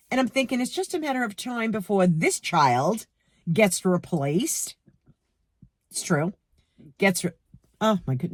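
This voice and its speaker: A woman's voice: fairly low pitch, no echo. Worked-up new york lady venting on her channel, voice jumping all over, dry close mic. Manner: heated, animated, talks to viewers directly. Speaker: vlogger. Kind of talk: storytime rant to camera.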